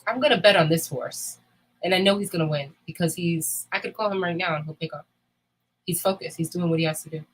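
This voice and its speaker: A woman with a low, husky voice talks in a candid, casual chat. She is blunt and emphatic, and she swears freely as she makes her points. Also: a little fast, poor audio. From United States.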